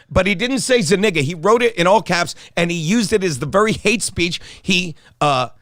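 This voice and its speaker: A man with a high voice co-hosts a podcast and tells a long, rambling story full of profanity. He has a casual, meandering way of talking. The sound is dry and close, with no room echo. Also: expressive, normal speed, hardly any pauses, fairly bright tone. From South Jersey, United States. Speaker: podcast co-host and comedian. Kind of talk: casual chat.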